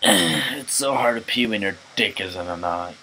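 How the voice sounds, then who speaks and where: Drunk man yelling over a game. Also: low voice, moderate pace, background noise. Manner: profane, loud outbursts and laughing. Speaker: let's player. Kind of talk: drunk gaming commentary.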